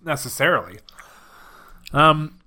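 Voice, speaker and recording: A man's voice: fairly high pitch, animated, slow pace, bright, forceful tone. A man co-hosting a podcast, teasing his co-host in casual chat while rating candy.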